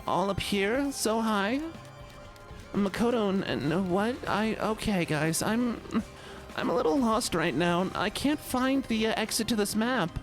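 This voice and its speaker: Guy putting on a whiny bashful nice-guy voice, squeaky high, stammers a lot. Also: lively intonation, a little slow, soft background music. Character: timid whiny young man, lovesick nice guy.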